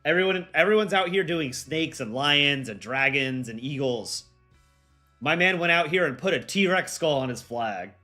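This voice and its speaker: A young American man chatting casually on a live stream as its host, relaxed and full of ums and likes. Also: fairly high pitch, moderate pace, faint music behind. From United States. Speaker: streamer and voice actor.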